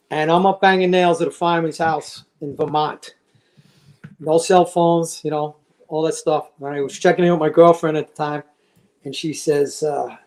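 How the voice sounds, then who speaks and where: A man's voice: fairly high pitch, fairly even intonation, normal speed, a little mellow. A man in his sixties, a retired fire lieutenant, telling casual stories as a podcast guest and acting out the voices of people he quotes. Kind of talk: casual storytelling.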